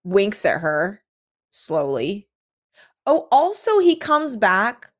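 A woman co-hosting a casual chat, retelling a story with lots of "like" and quick voiced asides. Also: a little high, sing-song. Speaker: podcast co-host. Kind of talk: casual chat recapping a book.

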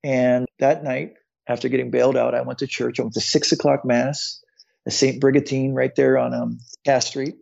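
On a podcast, a man in his fifties earnestly tells his own story in conversation, often repeating words as he goes. His medium-pitched voice is flat and a little mellow, with vocal fry and a normal pace, and the audio sounds dull.

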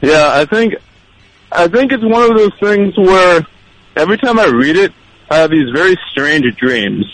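A man calling in to a radio show for the first time, eager and quick in bursts. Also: sits high, lively intonation, fairly bright tone, dry recording, rough recording. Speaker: caller. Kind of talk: phone-in chat.

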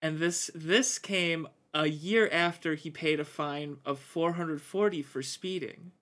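A man's voice: a little high, a little slow, a bit bright. A man co-hosting a podcast, casually reading out news items with an easygoing manner. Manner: easygoing, laughs often, reads out details. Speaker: podcast co-host.

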